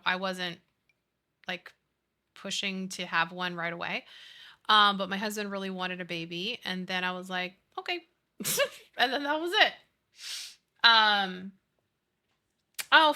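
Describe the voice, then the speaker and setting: A woman's voice: mid-range voice, bright, forceful tone. A woman in her thirties chatting casually with her live-stream chat, gushing and reading out viewers' messages.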